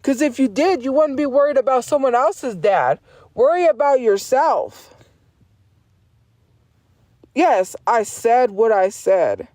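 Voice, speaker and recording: A woman's voice: sits high, lively intonation, slow, pauses often, dark tone, no room sound. Defiant, foul-mouthed woman streamer. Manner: profane, insistent, defiant, repeats herself. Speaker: livestreamer. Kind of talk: livestream rant at chat.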